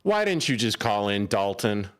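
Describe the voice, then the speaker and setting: A man's voice: on the low side, sing-song, normal speed. A man co-hosting a live local radio show, rambling and joking casually in the studio. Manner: playful, jokey, rambling with restarts. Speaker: radio co-host. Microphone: studio microphone.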